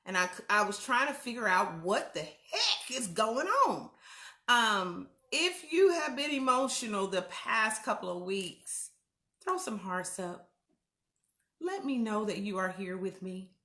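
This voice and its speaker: A woman's voice: mid-range voice, big pitch swings, measured pace, pushed and bright. Chatty woman host in an echoey room. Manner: candid, chatty, addresses viewers as y'all. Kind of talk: casual livestream talk.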